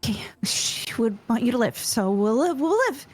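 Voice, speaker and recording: A woman's voice: on the high side, lively intonation, moderate pace, husky. A woman playing a tabletop game who speaks in character in a flustered, stammering way. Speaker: player.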